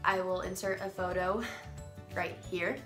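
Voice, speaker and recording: A woman's voice: fairly low pitch, little pitch movement, a little slow. A young woman with a stuffy nose from a cold, casually telling personal stories in a rambling way with many ums. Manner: rambling, lots of ums and restarts. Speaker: vlogger. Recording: roomy echo, faint music.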